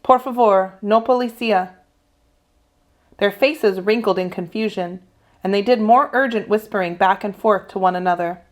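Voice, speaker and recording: A woman teacher reads a children's novel aloud to a class. Her voice is mid-pitched and steady. She tells the story expressively. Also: moderate pace. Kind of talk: children's read-aloud narration.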